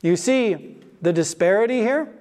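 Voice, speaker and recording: A man with an unusually high voice delivers a sermon from the pulpit. He presses the congregation with question after question, climbing in emphasis. The sound rings with the long reverb of a church hall. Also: lively intonation, unhurried, a little mellow. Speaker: pastor.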